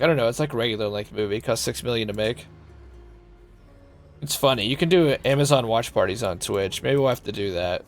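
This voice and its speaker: Soft music plays in the background as a man chats casually on a live game stream, cracking jokes, swearing freely, and thanking viewers by name. He talks fast in a mid-range voice.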